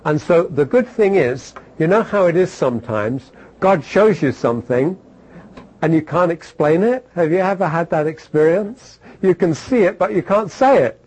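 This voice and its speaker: A man's voice: a little high, expressive, normal speed, a little mellow, breathy edge, rough recording. A man preaching a sermon, repeating phrases for emphasis and asking his listeners questions.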